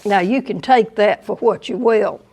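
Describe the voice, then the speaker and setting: A woman with a Southern US accent giving a museum lecture, deliberate and dry, with wry asides to the audience. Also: medium pitch, darkish tone, husky. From American South. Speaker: guest lecturer.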